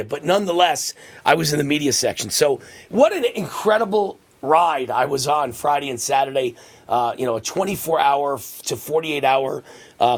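A middle-aged man hosting a radio and TV talk show, boastfully telling stories and acting out shouts in a husky voice. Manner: boastful storytelling, acts out shouting with rising pitch. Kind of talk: conservative talk radio monologue.

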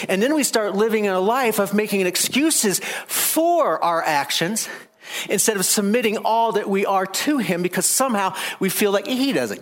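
A man preaching a sermon, animated, rising loud and high to make his points.

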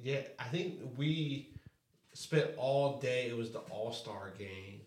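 A man's voice: medium pitch, animated, slow pace. Laid-back young man reminiscing. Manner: laid-back, swearing, joking. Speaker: podcast co-host. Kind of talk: casual chat. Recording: echoey room with crowd noise.

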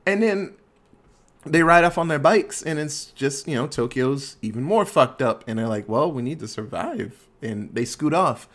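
A man's voice: fairly high pitch, animated, moderate pace, fairly bright tone. A man co-hosting a casual movie podcast, laid-back and swearing freely as he recaps the film. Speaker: podcast co-host. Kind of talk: casual movie review chat.

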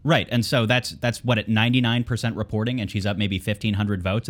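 A man's voice: lowish voice, fairly even intonation, fast. A man appearing as a guest on a political talk show, sardonic and exasperated in his commentary. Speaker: video editor guest. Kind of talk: casual political chat.

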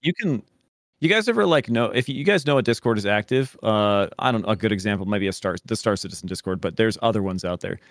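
A man's voice: fairly low pitch, animated, quick pace, no room sound, clean studio sound. A man co-hosting a podcast, chatting in an agreeable, easygoing way. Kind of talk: casual podcast chat.

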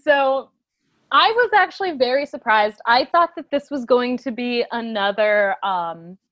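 Woman, high voice, dry close sound, chatty podcast co-host, giggly. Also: lively intonation, unhurried, a bit bright, dry recording, dull audio. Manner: chatty, giggly, reads synopsis aloud. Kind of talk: casual movie review chat.

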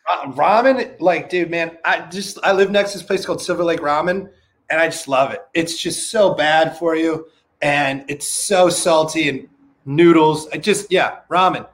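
A man's voice: on the high side, normal speed. A man chatting casually as a podcast guest, telling rambling, profane stories full of fillers.

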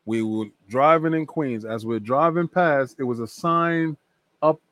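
A man, a guest telling a long story in a casual interview, animated and acting out other people's lines. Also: mid-range voice, measured pace, no echo. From New York.

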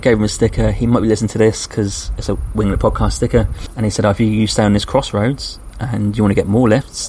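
A man's voice: lowish voice, slight background noise. An English man, a podcast host, casually recounting a day of walking on a trail and quoting the people he met. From England. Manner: chatty, animated when quoting people. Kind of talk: casual travel storytelling.

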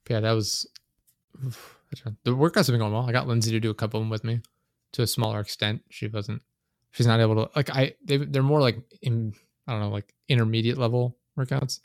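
A man's voice: medium pitch, steady tone, quick pace, no echo, clean studio sound. A young man chatting casually on his podcast, rambling and filling his talk with "like" and curse words. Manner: rambling, heavy use of "like", swearing. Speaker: podcast host. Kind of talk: casual chat. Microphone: desk microphone.

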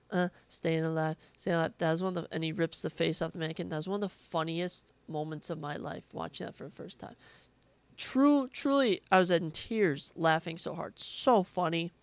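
Gravelly young man rambling enthusiastically. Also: on the high side, fairly quick, no room sound. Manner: enthusiastic, rambling, self-correcting. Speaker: podcast host. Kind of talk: solo casual chat.

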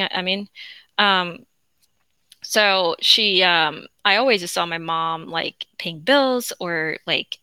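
A woman's voice: mid-range voice, sharp tone, smooth, no echo. A young woman with a Korean accent hosting her own podcast from home, chatting without a script, rambling with lots of fillers and restarts. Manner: rambling, chatty, frequent fillers and self-corrections. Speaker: podcast host. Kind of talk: unscripted casual monologue. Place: at home with her dog beside her.

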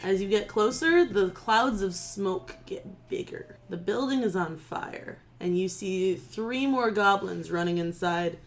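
A woman narrating as game master at a tabletop session, briskly describing the scene and calling for dice rolls. Her voice sits at an ordinary middle pitch for a woman. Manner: descriptive, brisk scene-setting with sudden shouted goblin lines.

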